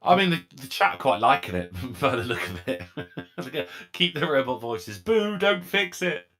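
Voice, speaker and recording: A man's voice: sits low, sing-song, moderate pace. A man co-hosting a live stream, joking around in casual chat. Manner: jokey, playful. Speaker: podcast co-host.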